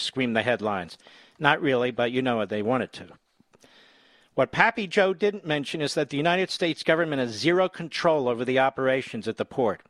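A middle-aged man hosts talk radio with a sarcastic edge, reading articles aloud and breaking in with his own jabs. His pitch sits in the middle of the range. The sound is dry and close, with no room around it. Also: expressive, moderate pace, long pauses, a bit bright, no echo. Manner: sarcastic, reads articles aloud with running commentary; mocks people with high, squeaky put-on voices. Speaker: radio talk show host.

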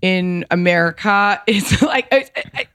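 A woman's voice: medium pitch, unhurried, fairly bright tone, a little hiss or hum. A woman in her thirties, a podcast guest, telling a personal story candidly and emotionally, swearing casually and filling with "like".

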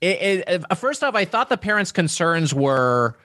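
A man of middle pitch speaks over a webcam, his sound dry and close with no room around it. He rambles and restarts a lot, stringing thoughts together with filler words as a podcast guest. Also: very animated, moderate pace, pushed and bright, no echo. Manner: rambling, hesitant, many restarts and "like"s. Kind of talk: casual chat. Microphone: webcam on a video call.

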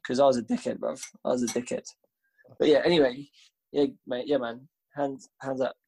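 A man's voice: medium pitch, fairly even intonation, brisk, gravelly, darkish tone, slight background noise. A young man, co-hosting a podcast and telling a long family story in casual, slangy, profane chat. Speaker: podcast co-host.

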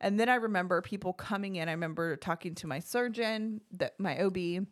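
A woman's voice: lowish voice, fairly quick. A woman co-hosting a podcast, chatting casually as she tells a personal story and acts out what others said. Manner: chatty, animated, acts out quoted voices. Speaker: podcast co-host telling her birth story.

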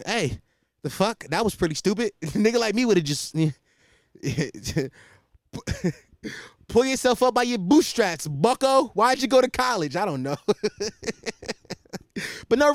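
A young man hosting a podcast, in a casual comedic rant that is profane and animated, and he laughs at his own stories. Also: sits high, no echo, studio quality. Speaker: podcast host.

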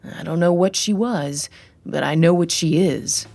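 A man's voice: fairly high pitch, a little slow, gravelly, darkish tone, soft background music. A narrator voicing a brash, wisecracking tough man who jokes during a fight. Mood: subdued. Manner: joking, blunt.

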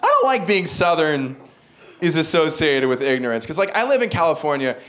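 A man's voice: a little high, big pitch swings, a little fast, fairly bright tone. A man from the American South with no regional accent, doing a stand-up set in a dry, self-mocking delivery. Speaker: stand-up comedian. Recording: live show with audience laughter. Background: crowd laughter.

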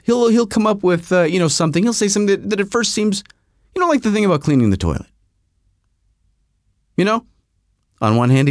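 A man hosting a podcast, telling a rambling story in a casual, animated way with frequent restarts. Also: on the high side, no echo, studio quality. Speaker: podcast host. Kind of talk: casual monologue.

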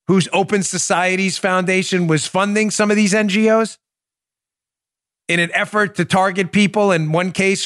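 A man's voice: high-pitched, fairly bright tone. A man hosting a political talk show, delivering emphatic opinionated commentary full of rhetorical questions and direct appeals to his audience. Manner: emphatic, addresses audience as folks; rhetorical questions, restarts sentences.

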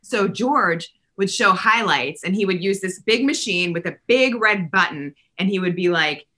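A woman in her forties telling lively stories in casual conversation, laughing often and acting out the people she quotes. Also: mid-range voice, moderate pace. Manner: animated, laughing, acts out quoted voices. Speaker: podcast guest.

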